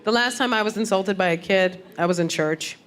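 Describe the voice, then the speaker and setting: A woman's voice: mid-range voice, a little fast. Woman, stand-up comic, conversational, crowd laughing, noisy live stage recording. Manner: chatty, conversational, asks the crowd questions. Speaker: stand-up comedian. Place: comedy stage before a live audience.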